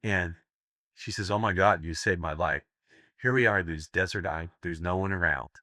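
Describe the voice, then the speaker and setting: A man's voice: low-pitched, moderate pace, pushed and bright, no echo, clean studio sound. A man giving a live seminar talk, telling crude jokes as stories and laughing at his own punchlines. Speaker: seminar speaker. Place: seminar room with audience.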